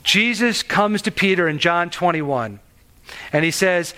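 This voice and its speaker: A man's voice: sits high, animated, unhurried, pauses often, pushed and bright. A man preaching a sermon in an earnest, conversational way, asking the listeners questions and restarting his sentences. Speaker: pastor.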